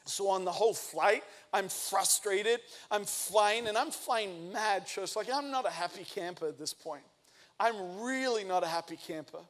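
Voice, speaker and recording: A man in his thirties preaching a sermon, telling a lively personal story and acting out the quoted lines. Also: high-pitched, unhurried. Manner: energetic storytelling, acts out quotes. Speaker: pastor.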